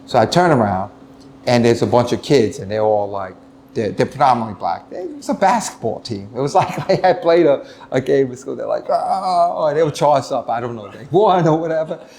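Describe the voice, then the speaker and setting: A middle-aged man, a retired police lieutenant telling stories in an interview, animated and full of restarts. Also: medium pitch, a little fast. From United States. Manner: animated storytelling, many restarts, acts out quoted voices. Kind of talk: casual interview talk.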